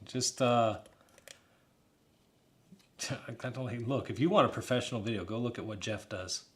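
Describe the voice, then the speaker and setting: Casual hobbyist guy in his 30s, mid-pitched, rambling chat to viewers, quick laughs. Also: a bit bright. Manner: rambling, chatty, laughs often, talks to viewers directly. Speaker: hobbyist builder talking to stream chat. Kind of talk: casual live build chat.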